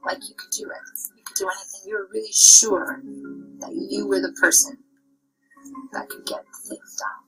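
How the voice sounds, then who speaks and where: A woman guiding a child through breathing and affirmations in a soft, gentle voice that often drops to a half-whisper. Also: a little high, very animated, normal speed, gravelly, faint music behind, rough recording. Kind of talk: guided relaxation and spoken affirmations.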